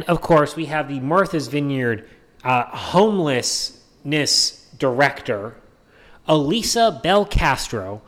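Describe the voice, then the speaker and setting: A man hosting a political commentary monologue, sarcastic and emphatic, repeating his points. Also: on the high side. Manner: sarcastic, mocking voices in quotes; emphatic repetition. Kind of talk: opinion monologue.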